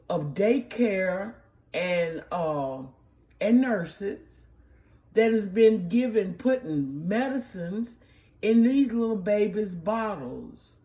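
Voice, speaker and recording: Slow, upset middle-aged woman talking. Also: medium pitch, darkish tone. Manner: slow, emotional, emphatic. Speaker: vlogger. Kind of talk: casual commentary. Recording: echoey room.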